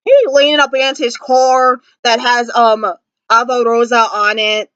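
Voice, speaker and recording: A woman's voice: on the high side, unhurried, fairly bright tone, clear, resonant tone, no echo, dull audio. A young woman vlogging a fan review of a TV episode, gushing and dramatic, full of "like" and fillers. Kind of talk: excited fan review chat. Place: indoors at home.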